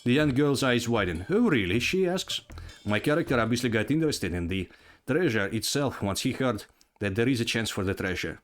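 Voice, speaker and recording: A man's voice: mid-range voice, expressive, normal speed, a bit bright. A man reading aloud a text adventure game as a story, with casual asides. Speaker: player narrating a text adventure.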